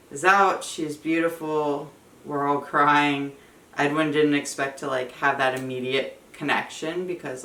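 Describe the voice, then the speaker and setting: A woman's voice: extremely low pitch, vocal fry, fairly bright tone, distant mic, slight background noise. A young woman vlogger telling a personal story in a casual, chatty way, with many fillers. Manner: chatty, fillers of "like", emotional retelling. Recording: echoey room, voice a bit off-mic.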